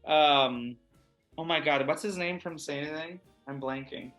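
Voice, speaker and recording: Chatty American actor, slightly high voice. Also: male voice, normal speed, faint music behind. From USA. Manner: expressive, chatty, animated. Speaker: actor guest. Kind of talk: casual interview chat.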